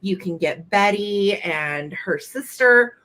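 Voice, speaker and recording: Bright-voiced woman hosting a live sale. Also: medium pitch, expressive, takes it slowly, poor audio. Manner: chatty, playful, describes items. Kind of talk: casual live sale chat.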